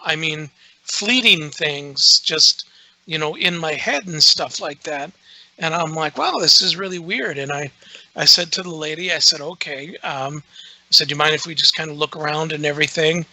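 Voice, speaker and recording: A man's voice: on the high side, sharp tone, no room sound, low-quality recording. A man, a guest on a podcast, telling a long story casually, full of filler words and restarts. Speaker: guest, radio show host.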